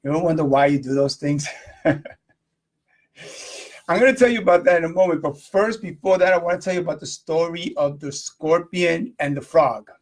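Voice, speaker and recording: A man's voice: fairly high pitch, normal speed. A man hosting a live video stream, giving a casual motivational talk, rambling and asking his viewers questions. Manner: rambling, repeats himself, asks viewers questions.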